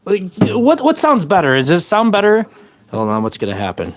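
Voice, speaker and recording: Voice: mid-range voice, huge pitch swings, normal speed, over music. A live streamer chatting casually with viewers in a playful, rambling way, now and then breaking into made-up silly songs. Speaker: livestream host and musician.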